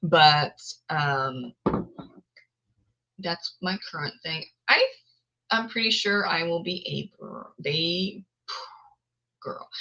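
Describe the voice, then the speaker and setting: A woman's voice: lowish voice, pushed and bright, lo-fi sound. A woman chatting casually and rambling on a live stream, with laughing asides. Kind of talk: casual chat.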